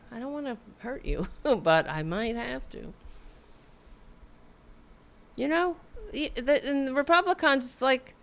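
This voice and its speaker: A woman's voice: fairly low pitch, clear, resonant tone. A woman hosting a political podcast, ranting angrily with lots of swearing and repeated restarts. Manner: angry, profane, repetitive ranting. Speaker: podcast host. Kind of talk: political commentary rant.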